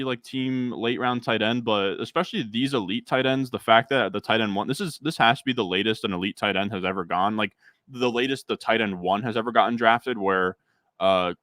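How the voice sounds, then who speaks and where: A man's voice: on the low side, a bit bright, no room sound. A young man streaming a fantasy football draft, chatting casually with his chat and rambling through fillers.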